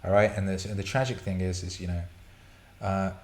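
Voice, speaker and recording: A man's voice: low voice, flat delivery, fairly quick, a little mellow. A man hosting a casual live stream, reading chat questions and rambling, swearing and laughing often. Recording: roomy echo.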